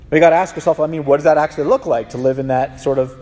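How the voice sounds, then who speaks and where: A man preaching a sermon as pastor, in a conversational, animated way with frequent restarts. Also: fairly high pitch, rapid-fire, hardly any pauses. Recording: long reverb of a large hall.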